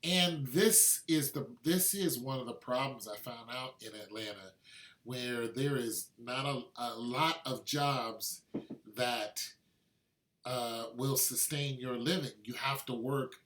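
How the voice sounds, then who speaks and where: A man's voice: medium pitch, slow, a bit bright. A man vlogging to camera in a loose, conversational way, drifting into asides. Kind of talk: casual monologue to camera.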